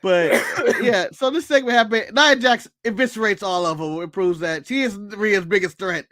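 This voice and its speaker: A man's voice: high voice, moderate pace, no echo, clean studio sound. A man from the United States co-hosting a podcast, joking, mimicking people and laughing as he recaps wrestling. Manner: animated, joking, mimics people and laughs at his own bits. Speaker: podcast co-host. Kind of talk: casual wrestling recap chat.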